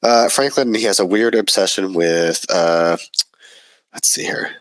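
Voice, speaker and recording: A man's voice: low voice, unhurried, dry recording. A man with a stuffy voice from a cold, chatting casually and reading a story aloud with a laid-back manner. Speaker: podcast co-host.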